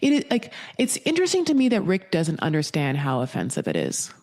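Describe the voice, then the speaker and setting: Woman, podcast host, slightly low voice, blunt, profane, casual recap chat. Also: huge pitch swings, brisk, a little mellow. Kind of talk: casual reality-TV recap commentary.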